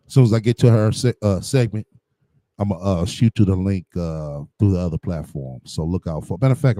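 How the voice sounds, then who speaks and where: Low, dark-voiced man ranting on a stream. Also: dry recording. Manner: blunt, combative, heavy on slang and "you know what I'm saying". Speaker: livestream commentator. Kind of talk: profane livestream commentary.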